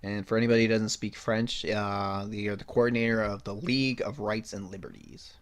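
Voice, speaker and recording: A man's voice: lowish voice, steady tone, brisk. A young man hosting a podcast, giving blunt, sarcastic opinions and reading news clippings aloud, swearing and laughing at his own points. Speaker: podcast host.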